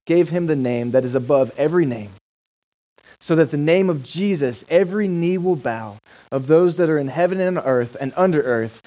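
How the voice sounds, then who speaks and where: A man's voice: medium pitch, dark tone, rough recording. A male pastor giving a sermon in a casual, enthusiastic, joking manner.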